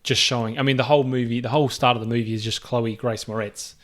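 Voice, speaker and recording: A man's voice: mid-range voice, steady tone, fast. A man co-hosting a podcast, chatting casually about a film in a laid-back, agreeable way. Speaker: podcast co-host. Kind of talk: casual movie review chat.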